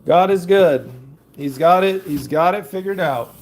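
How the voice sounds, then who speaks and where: A young man with a notably high voice talks loosely and rambles while he fixes food in his home kitchen. He records on a phone held in one hand, with a faint hiss behind him. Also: measured pace. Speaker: faith vlogger. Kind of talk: casual vlog chat.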